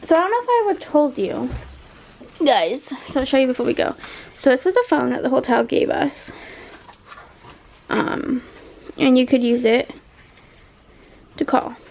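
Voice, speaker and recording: A woman's voice: high voice, expressive, normal speed, gravelly, pauses often, darkish tone, slight background noise. A young woman chatting casually in a vlog from a hotel room, rambling with lots of fillers. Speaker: student vlogger.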